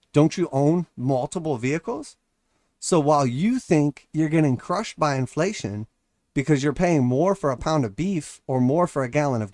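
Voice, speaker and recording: A man's voice: mid-range voice, darkish tone, no echo, clean studio sound. A man hosting a casual market livestream, talking in a loose, rambling way and acting out quoted voices. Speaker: crypto and stock market livestream host.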